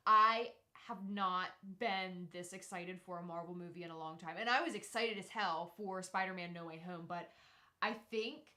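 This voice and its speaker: A woman's voice: on the low side, normal speed, sharp tone. A woman co-hosting a live podcast stream, chatting playfully and teasing her co-host. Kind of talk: casual live-stream chat.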